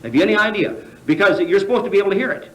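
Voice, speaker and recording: Racing along in a high-pitched, fairly bright voice, an American man delivers a convention sermon full of rhetorical questions and stumbling fillers. The sound echoes around a large convention hall.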